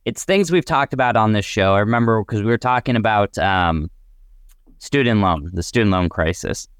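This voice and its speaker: A young man with a fairly low, smooth voice co-hosts a casual podcast, laid-back and wry as he steers the talk. The sound is dry and close-miked. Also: expressive, moderate pace, no echo. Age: young adult. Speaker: co-host.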